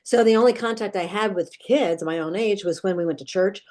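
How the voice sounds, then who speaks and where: A middle-aged woman who is a dream expert, speaking fairly quickly in a slightly mellow, medium-pitched voice, earnestly describes a childhood nightmare in an interview. Her vivid storytelling includes lots of false starts.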